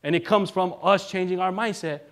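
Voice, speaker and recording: A male minister giving a relaxed, conversational sermon, joking now and then and often checking in with the congregation. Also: high voice, brisk. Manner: casual and joking, keeps asking the congregation "right?".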